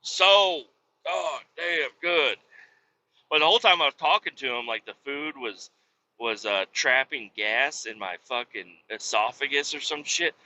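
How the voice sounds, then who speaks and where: A man's voice: mid-range voice, measured pace, bright, forceful tone. A man from Kansas City, telling rambling, profane, self-mocking stories while he drives his truck. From Kansas City, USA. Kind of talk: casual storytelling monologue while driving. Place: in a truck cab while driving.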